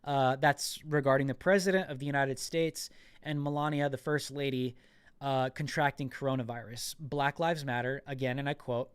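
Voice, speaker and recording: A man's voice: mid-range voice, steady tone, moderate pace, smooth, no echo. A man hosting a political commentary podcast, talking in an indignant, emphatic way and often repeating words. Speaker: podcast host.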